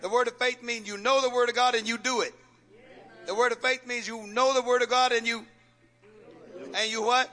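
A man's voice: extremely high pitch, bright, forceful tone. A man pastor preaching a call-and-response sermon in church, firing rhetorical questions at the congregation, coaxing and joking.

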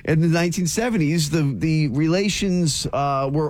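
A man co-hosting a radio talk show, chatting in a quick, excitable way. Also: fairly high pitch, no echo. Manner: quick, excitable, self-described nerd. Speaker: radio co-host. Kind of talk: casual chat.

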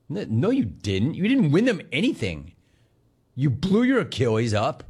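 A man's voice: on the high side, wildly swooping pitch, moderate pace, breathy edge. A man hosting sports talk, ranting sarcastically and mocking the people he talks about. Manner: sarcastic, mocking, swings between shouting and mimicry. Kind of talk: sports talk radio rant.

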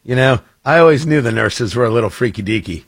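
A man hosting a morning radio talk show, joking and riffing with quick self-interruptions. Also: medium pitch, animated, slightly rough. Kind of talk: casual radio chat.

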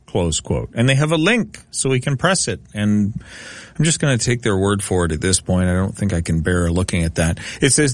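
A man hosting talk radio, his voice sitting on the low side. He picks things apart in a dry, sardonic way. The studio sound is close and dead, with no room echo at all. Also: moderate pace. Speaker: radio talk show host.

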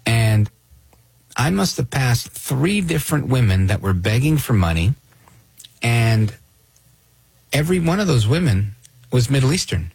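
Gravelly, husky male radio host. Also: lowish voice, no echo. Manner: animated, sardonic, plays clips and reacts. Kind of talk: opinionated talk radio monologue.

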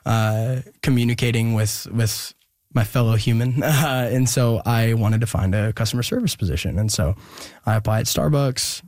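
A young man, a guest in an interview, telling a personal story in an earnest, reflective, halting way. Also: medium pitch, darkish tone, no room sound, clean studio sound.

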